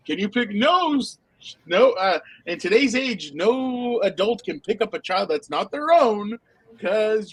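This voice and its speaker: A man co-hosting a casual football podcast, telling animated anecdotes and laughing often. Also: high-pitched, slightly rough, rough recording. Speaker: podcast co-host, football reporter. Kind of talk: casual sports podcast chat.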